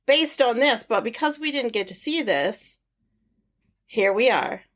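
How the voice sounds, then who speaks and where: A woman chatting casually as a podcast co-host, her fairly high voice moving lively up and down. She mostly chimes in with short agreements and laughs, speaking into a podcast mic. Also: measured pace. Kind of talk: casual movie review chat.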